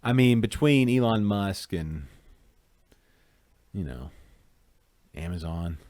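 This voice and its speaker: A man's voice: low voice, animated, slow pace, darkish tone, no echo. A man co-hosting a casual chat show, rambling through jokey ideas and trailing off into mumbles. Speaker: podcast co-host.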